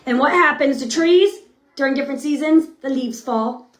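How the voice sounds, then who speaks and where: A woman's voice: high-pitched, moderate pace, reverberant. A woman in her thirties giving a frank, upbeat motivational talk to a sales team, often checking in with "okay?". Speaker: motivational speaker.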